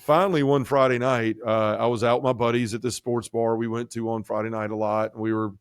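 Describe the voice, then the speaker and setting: A man's voice: fairly quick, clear, resonant tone, no room sound, clean studio sound. A man telling his life story as a podcast guest, acting out quoted dialogue and poking fun at himself, with lots of "you know" and "like". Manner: animated, acts out quoted dialogue with jumps in pitch; self-mocking humor, many fillers like "you know" and "like". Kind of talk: casual storytelling.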